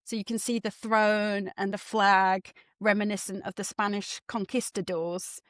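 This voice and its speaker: A woman's voice: medium pitch, a little slow, dry recording, studio quality. Chatty English woman with mid-Atlantic twang. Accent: mixed English and mid-Atlantic. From England, Norfolk. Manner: chatty, self-deprecating, animated. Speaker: guest author and development economist. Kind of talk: casual interview chat.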